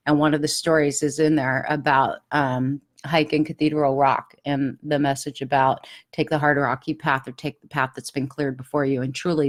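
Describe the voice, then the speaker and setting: A middle-aged woman hosting a podcast, giving an earnest, confiding personal spiritual talk. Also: deep voice. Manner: earnest, confiding, animated when recalling pleas. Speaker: podcast host.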